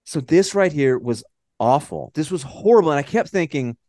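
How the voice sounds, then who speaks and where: A man from Texas with a Texan accent, co-hosting a casual movie-review podcast and ranting in a profane, animated way. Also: fairly high pitch, normal speed, no echo, studio quality. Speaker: podcast co-host.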